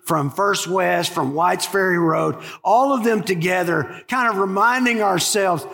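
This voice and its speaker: A pastor preaching a sermon in a church, animated and full of rhetorical questions. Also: male voice, high voice, unhurried, creaky. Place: church sanctuary. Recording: long hall reverb.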